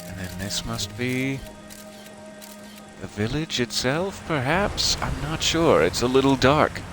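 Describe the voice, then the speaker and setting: A man's voice: mid-range voice, lively intonation, takes it slowly, over music. A man casually commenting while he plays through a video game, musing and joking to himself. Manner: whimsical, musing, chatty. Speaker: game streamer. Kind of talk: let's play commentary.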